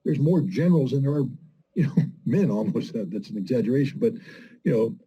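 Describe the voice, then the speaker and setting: A man's voice: mid-range voice, expressive, fairly quick, slightly rough, dull audio. A man giving emphatic, scornful political commentary, firing off rhetorical questions as a guest in a conversation. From United States.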